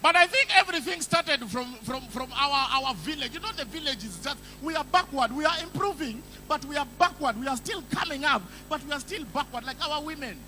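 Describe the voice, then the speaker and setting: High-voiced Ugandan comedian. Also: male voice, expressive, faint music behind. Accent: Ugandan English. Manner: playful storytelling, quick bursts of shouted impressions. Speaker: stand-up comedian. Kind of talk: stand-up comedy.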